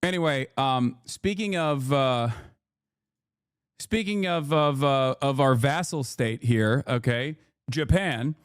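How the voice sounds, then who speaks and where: A man in his thirties giving casual live-stream commentary, animated, emphatic and profane. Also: mid-range voice, slow, clear, resonant tone, no room sound, clean studio sound. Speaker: streamer reacting to news.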